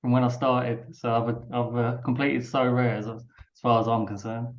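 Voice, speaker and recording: A man's voice: medium pitch, little pitch movement, moderate pace. Hesitant man on dull lo-fi audio. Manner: hesitant, repeats words, says you know a lot. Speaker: guest. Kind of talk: casual chat.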